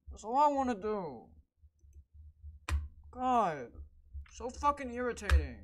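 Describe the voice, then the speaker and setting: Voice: medium pitch, very animated, takes it slowly, long pauses, husky. A gaming video creator giving gameplay commentary, frustrated and swearing constantly while ranting at the game.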